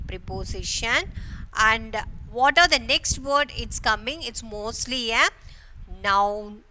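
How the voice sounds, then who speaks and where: A woman's voice: on the high side, pushed and bright, a little hiss or hum, low-quality recording. A woman teacher giving a grammar lesson to schoolchildren, repeating each phrase and checking in with a frequent "okay".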